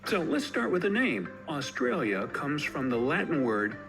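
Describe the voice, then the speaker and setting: A man's voice: mid-range voice, sing-song, moderate pace, fairly bright tone. A man giving scripted list narration with light jokey asides. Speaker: narrator of reacted video. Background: background music.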